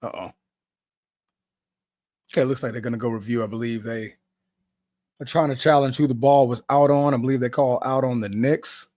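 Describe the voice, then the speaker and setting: A man's voice: medium pitch, steady tone, moderate pace, long pauses, darkish tone, dry recording. A young man hosting a live basketball watch-along podcast, chatting casually in slang and laughing often. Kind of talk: casual live game reaction.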